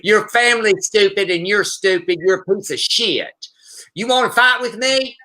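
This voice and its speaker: Guy doing a shrill, furious Southern redneck woman, high and forceful, jeering taunts. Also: normal speed, rough recording. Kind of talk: mocking impression in a talk show.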